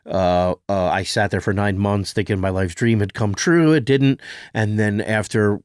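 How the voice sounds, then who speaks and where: Animated storytelling man, dry close sound. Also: lowish voice, moderate pace, clean tone, no echo. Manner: animated, acts out voices in anecdotes, many fillers. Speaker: guest. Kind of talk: casual interview storytelling.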